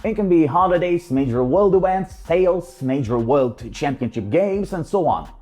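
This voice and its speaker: A man reading a scripted promotional voice-over for an ad network in a lively, emphatic delivery. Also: on the high side, moderate pace.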